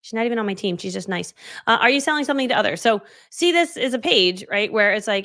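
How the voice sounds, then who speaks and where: A woman's voice: a little high, animated, quick pace, a bit bright, no room sound. A middle-aged woman hosting a live coaching stream, chatty and bubbly, laughing often and reading out viewer comments, close on a studio microphone. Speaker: business coach hosting a livestream. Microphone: studio dynamic microphone.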